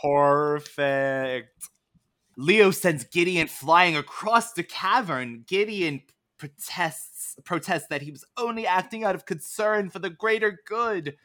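A man co-hosting a casual podcast, recapping a TV episode in an animated way and often playing at funny voices. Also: high-pitched, slow, dry recording, clean studio sound. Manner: animated, slips into mock voices and laughs. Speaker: podcast co-host.

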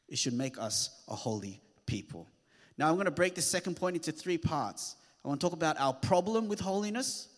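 A man preaching a sermon, earnest and rising to emphatic peaks. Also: medium pitch. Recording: long hall reverb.

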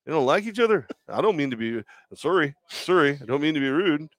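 A man's voice: fairly high pitch, expressive, fairly quick, a bit bright, dry recording, voice pushed up. A man doing a comic impression of a boozy, overly apologetic male basketball coach in a put-on Canadian accent, mumbling and saying sorry. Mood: grumbling.

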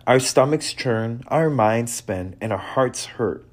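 Man, preacher, earnest devotional sermon, mid-pitched, halting restarts, quiet trailing phrases. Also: animated. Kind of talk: devotional sermon reading scripture.

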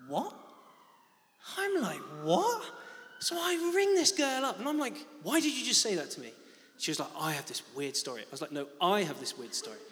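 Animated young man preaching in a hall. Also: sits high, fast. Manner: animated storytelling, acting out his own shock. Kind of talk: sermon with a personal story. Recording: reverberant church hall.

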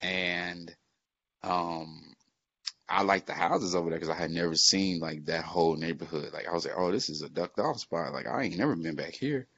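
A man's voice: low-pitched, moderate pace, a bit bright, husky. A man telling a story in casual, profane podcast chat, with lots of fillers and restarts. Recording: muffled lo-fi recording.

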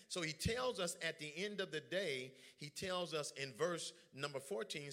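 A man preaching a lively sermon, joking with the congregation and calling for their responses. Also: on the high side. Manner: lively, joking, drawls informal speech.

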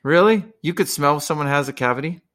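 A man's voice: on the high side, animated, quick pace, fairly bright tone. Man, podcast host, casual chat, profane, rambling.

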